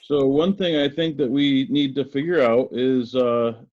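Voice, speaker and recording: A man's voice: mid-range voice, steady tone, a little slow, darkish tone, highs cut off. A man playing a tabletop game, thinking through plans aloud. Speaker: player. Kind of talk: casual game table chat.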